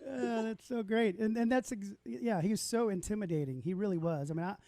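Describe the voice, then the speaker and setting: A man with a high voice and dark tone hosts a casual livestream, talking a little fast as he chats with a guest and tells stories in an easygoing way, laughing often. There's a little hiss or hum.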